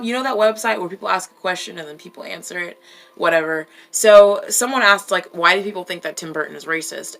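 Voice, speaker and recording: Woman vlogger, casual and outspoken, crisp bright voice, curses for emphasis. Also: mid-range voice. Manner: blunt, profane, emphatic. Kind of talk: casual chat.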